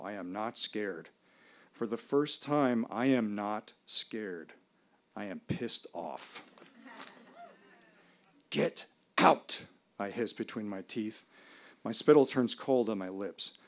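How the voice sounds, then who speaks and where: Stage storyteller, male, low voice, measured dramatic pauses, live venue. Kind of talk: live personal storytelling performance.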